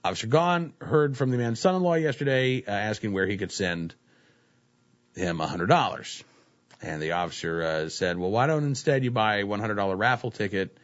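Male talk host, lowish voice, casual rambling delivery, muffled lo-fi sound. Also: a little fast. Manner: relaxed, filler-heavy, says "uh, you know" often. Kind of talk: casual talk radio chat, reading news stories. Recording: dull lo-fi recording.

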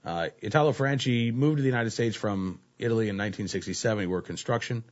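A man's voice: on the low side, quick pace. A man hosting a casual talk show. He reads news stories aloud and uses many fillers like "uh, you know.". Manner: relaxed, filler-heavy, says "uh, you know" often. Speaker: host. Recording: dull lo-fi recording.

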